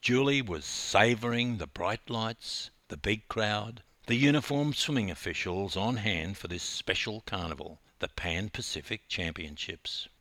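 A man's voice: lowish voice, unhurried, few pauses, dry recording. Man, coach-narrator, dramatic memoir delivery, dry close sound. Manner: animated, dramatic retelling that rises in intensity. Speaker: swimming coach.

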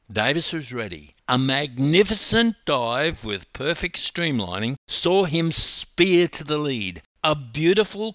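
A man's voice: mid-range voice, pushed and bright, dry recording. A man with an Australian accent narrating a sports story with dramatic emphasis.

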